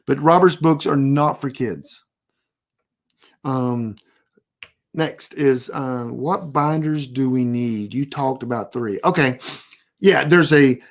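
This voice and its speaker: Laid-back prep-class teacher who rambles and restarts but turns blunt and deadpan on key points. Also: medium pitch. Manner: rambling, self-interrupting, anecdotal. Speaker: preparedness class instructor. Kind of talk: casual live online class.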